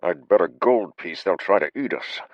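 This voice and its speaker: A man voicing a panicky, excitable young male adventurer who shouts and complains. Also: moderate pace, no echo, highs cut off. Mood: grumbling. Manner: shrill, shouting, agitated.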